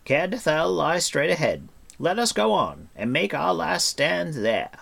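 A man's voice: on the high side, big pitch swings, a little slow, gravelly, fairly bright tone, husky, pitched above the performer's own voice, exaggerated voice. A man voicing an urgent commanding bard. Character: bold loyal male bard, a warrior. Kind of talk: storybook reading.

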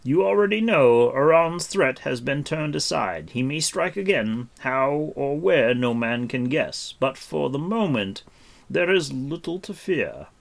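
A man voicing a calm, noble warrior prince who speaks in a measured, stately way. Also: mid-range voice, gravelly, pitched above the performer's own voice. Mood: grave.

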